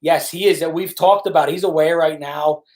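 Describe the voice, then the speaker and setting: A man's voice: on the high side, steady tone, moderate pace, darkish tone, distant mic. A man chatting casually during a live painting stream, thinking aloud as he works. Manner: rambling, thinking aloud, greets viewers. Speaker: painter livestreaming. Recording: roomy, from off the mic.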